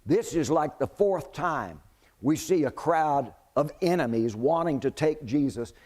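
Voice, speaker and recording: A male preacher delivering a sermon, retelling a Bible story in an animated way and putting questions to the congregation. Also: a little high, measured pace.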